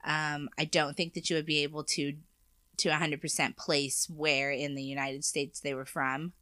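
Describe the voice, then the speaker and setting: A woman's voice: sits low, flat delivery, normal speed, bright, forceful tone, no room sound, clean studio sound. A woman co-hosting a casual chat, talking freely with frequent laughs and hesitant restarts. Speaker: podcast co-host.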